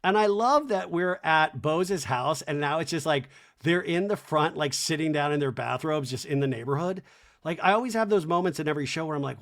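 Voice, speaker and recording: A podcaster giving a sarcastic, animated comic recap of a show, with laughing asides. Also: medium pitch, fairly quick.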